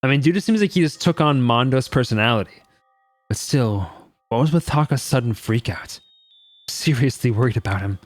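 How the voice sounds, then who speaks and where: A man's voice: medium pitch, normal speed, no room sound. A young man casually chatting as a streamer while playing a game. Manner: relaxed, chatty. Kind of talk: casual let's-play commentary.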